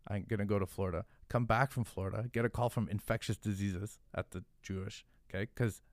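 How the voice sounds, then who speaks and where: Speaking at a fairly quick clip in a lowish, steady voice, this male podcast guest, a hot sauce founder, rambles through a profane story, leaning heavily on "like" as he chats casually. There's no echo, and the studio sound is clean.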